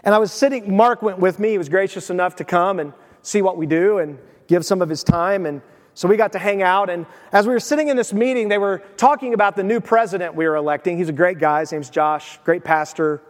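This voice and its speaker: A high-pitched man preaches to his congregation in a relaxed, conversational way, moving between scripture and everyday stories and often putting questions straight to his listeners. His voice rings out with a long reverb, as if carried through a church sanctuary. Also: brisk. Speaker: pastor. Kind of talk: sermon.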